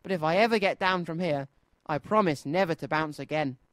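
A man's voice: on the high side, brisk, a bit bright, no echo, lightly acted. A man doing a boastful, bouncy cartoon tiger. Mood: worried. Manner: eager, bragging.

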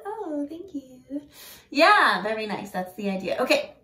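A woman leading an online singing group through vocal warm-ups with cheerful, encouraging instructions. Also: sits high, sing-song, a little slow, a little hiss or hum. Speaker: singing circle leader and vocal coach. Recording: roomy sound from a distant mic.

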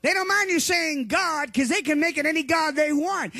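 A male preacher with a very high, bright, forceful voice tells a story from the pulpit, and he often breaks into shouts. The sound is close and dry. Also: normal speed, hardly any pauses, no room sound. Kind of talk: sermon.

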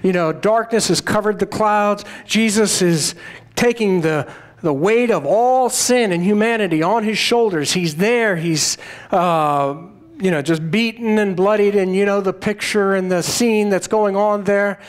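A man's voice: sits high, a little slow. A man preaching a sermon, retelling Bible stories in a conversational, storytelling way. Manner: storytelling, conversational, retells scripture in quoted voices. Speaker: pastor.

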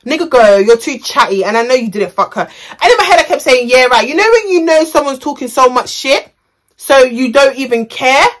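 Young woman, chatty storytime vlogger, rambling and slangy, fairly high voice. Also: expressive, fairly quick. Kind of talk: storytime vlog.

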